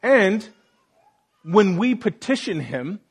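This pastor's sermon is earnest and searching; he performs the voices of those he quotes and turns questions back on the congregation. His somewhat higher-than-average male voice is sing-song, unhurried, creaky, and a touch rough.

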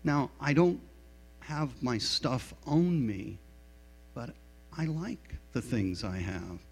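A man's voice: medium pitch, animated, slow pace, creaky, slightly rough. A middle-aged man preaching a sermon as a pastor, telling a story in a frank, self-deprecating way. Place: church sanctuary. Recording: reverberant hall with mains hum.

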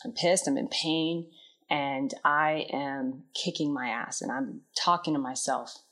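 A woman telling a candid personal story in a reflective, introspective way, often trailing off into soft, quiet phrases. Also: deep voice, steady tone, a little slow. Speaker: vlogger.

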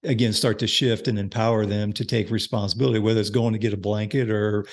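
A man's voice: on the low side, flat delivery, quick pace. An older man, a parenting author and coach, chatting as a podcast guest and explaining ideas with examples and frequent restarts. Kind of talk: casual interview chat.

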